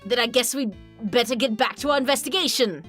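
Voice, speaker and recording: A woman's voice: fairly high pitch, a little fast, a bit bright, faint music behind, lightly acted. A woman voicing a pompous, bumbling male prosecutor in a game, stammering with self-importance.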